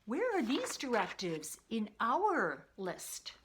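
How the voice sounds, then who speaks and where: A woman's voice: on the high side, wildly swooping pitch, slow, a little hiss or hum. A woman hosting an explanatory history video, chatting casually and reading old newspaper clippings aloud. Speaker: video host.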